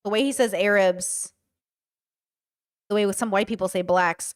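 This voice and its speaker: A woman in her thirties giving rapid, emphatic live-stream reaction commentary. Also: medium pitch, steady tone. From United States. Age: 30s.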